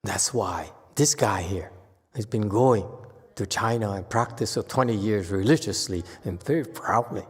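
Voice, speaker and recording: A man with a Korean accent, a Zen master telling anecdotes in a dharma talk, with chuckles and halting restarts. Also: lowish voice, breathy edge. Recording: long hall reverb.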